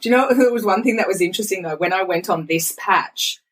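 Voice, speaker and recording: A woman in her forties, a podcast guest speaking frankly and telling stories in an animated way. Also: mid-range voice, fast, poor audio. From Australia. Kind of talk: candid podcast conversation.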